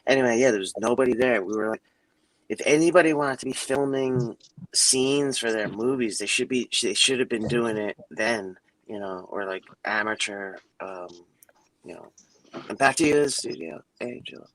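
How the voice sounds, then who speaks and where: A man co-hosting a casual chat, telling a story and acting out quotes with big jumps in his voice. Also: normal speed. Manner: animated, acts out quotes with big pitch jumps. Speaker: co-host.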